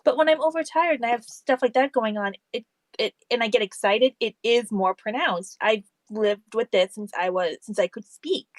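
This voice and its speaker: A woman's voice: on the high side, moderate pace, dry recording, rough recording. Woman co-host with a slight lisp, indignant and blunt; dry, close recording. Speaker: co-host commenting on a video. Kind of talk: casual chat.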